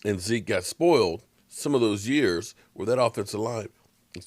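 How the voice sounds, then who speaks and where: A man with a fairly low voice delivers a loose, conversational football commentary, tired and short on sleep. He rambles and trips over his starts. The sound is close and dry. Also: animated, normal speed, no echo. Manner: rambling, conversational, frequent restarts. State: tired, yawning from lack of sleep. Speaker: sports commentary vlogger. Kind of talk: casual sports commentary monologue.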